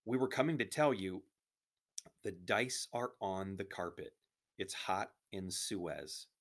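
A man's voice: deep voice, takes it slowly, full character voice. A man voicing a brave but frightened young girl in a storybook reading, pleading and tearful. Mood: urgent.

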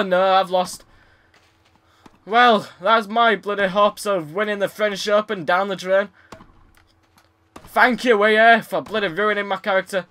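A man's voice: high voice, steady tone, unhurried, long pauses, pushed and bright. A young man commentating his tennis game, frustrated, swearing and sarcastic. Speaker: gaming YouTuber. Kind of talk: let's play commentary.

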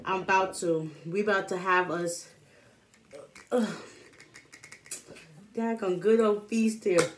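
A woman's voice: mid-range voice, fairly even intonation, takes it slowly, pauses often, background noise. Young woman vlogger just chatting to the camera, easygoing and upbeat, loose slangy talk. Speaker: food vlogger. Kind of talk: casual eating-show chat to camera.

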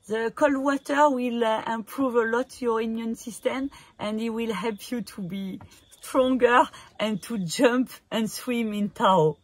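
French-accented woman wellness coach, slow and hesitant, slightly high voice, casual vlog delivery. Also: no echo. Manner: halting, hesitant, many fillers, laughs often.

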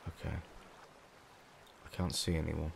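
A man's voice: a bass voice, monotone, measured pace, gravelly, slight background noise. A young English man commentating his game play from a small room at home, jumpy, panicky and swearing a lot. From England. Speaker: gamer.

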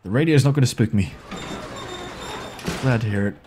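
A gaming video host works anxiously through a horror game, swearing often and coaxing or scolding the characters on screen, his voice jumping up at startles. He speaks at a moderate pace with a medium pitch, and background noise is present.

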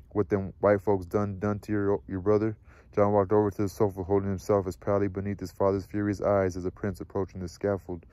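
A man reading a novel aloud in a measured, even storytelling manner. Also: sits low, no echo. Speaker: reader.

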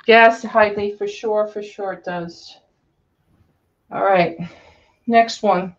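A woman's voice: medium pitch, fairly even intonation, slow pace, muffled recording. A woman with a Long Island accent hosting a live resale auction, chatting with viewers and reading out item sizes and bidder names. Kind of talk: casual live-sale patter.

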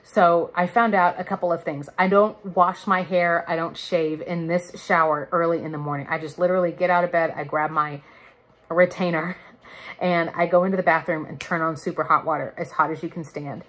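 A woman's voice: on the low side, fairly even intonation, normal speed, fairly bright tone. A woman in her thirties chatting candidly to camera in a casual vlog, laughing now and then. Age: 30s. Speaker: vlogger. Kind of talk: casual chat.

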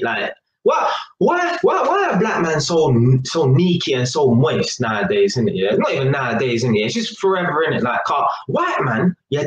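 Animated young London man telling a story. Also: a little high. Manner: animated, slangy, repeats "innit" and "yeah". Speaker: vlogger. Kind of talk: casual storytelling to camera. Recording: echoey room with faint noise.

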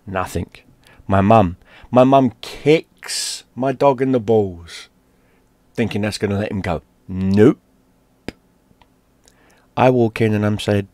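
A London gaming streamer with a low voice tells a personal story, animated and profane, acting out the shouted lines himself. He speaks unhurriedly with frequent pauses, and the sound is dry and close with no room echo.

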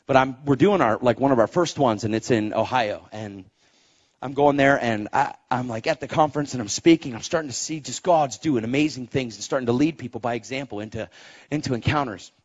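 A man preaching and telling a testimony story, animated, acting out the voices of people in his story and rising to shouts as he exhorts. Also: medium pitch, brisk, lo-fi sound. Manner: animated, acts out quoted voices. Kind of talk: sermon storytelling.

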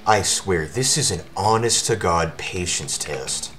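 A man giving live commentary over his own speedrun, his voice worn from shouting, talking at the game in exasperated outbursts. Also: sits low, lively intonation, unhurried, a little hiss or hum.

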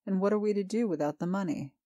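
A woman's voice: mid-range voice, quick pace, dark tone, no room sound, clean studio sound, pitched above the performer's own voice, natural voice. A woman voicing an old mother who is hard of hearing and fretful, in a storybook reading.

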